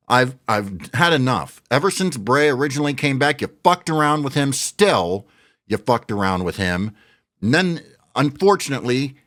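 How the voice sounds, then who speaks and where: A man's voice: medium pitch, a bit bright, no room sound, clean studio sound. A middle-aged man ranting in frustration about wrestling news, swearing often as he vents. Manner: frustrated, profane venting. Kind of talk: ranting commentary.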